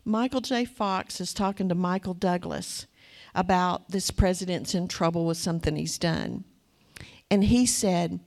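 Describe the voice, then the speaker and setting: A woman preaching a sermon in a conversational, animated way, acting out little asides to the congregation. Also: fairly low pitch, moderate pace, gravelly.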